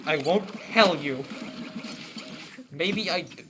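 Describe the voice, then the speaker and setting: A man's voice: fairly high pitch, expressive, takes it slowly, noisy background. A man giving casual gameplay commentary, joking and swearing through exasperated outbursts. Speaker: gaming YouTuber.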